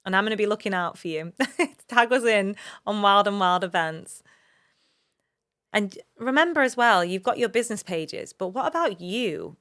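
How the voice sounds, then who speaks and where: This English podcast host, a woman in her thirties, has a mid-range voice that is a little bright, clear and resonant. Alone at the mic, she shares personal experiences in an open, earnest and motivational way, sometimes growing emotional.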